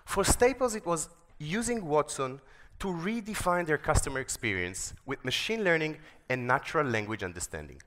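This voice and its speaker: A man whose first language is Hebrew, giving a conference keynote with storytelling and an enthusiastic pitch. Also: expressive, normal speed, fairly bright tone. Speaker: keynote speaker. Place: conference stage.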